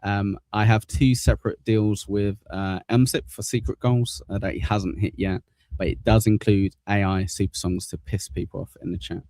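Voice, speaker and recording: A man's voice: lowish voice, fairly even intonation, moderate pace, a little mellow, dry recording. A man hosting a casual live stream, blunt and swearing, reading viewer messages aloud.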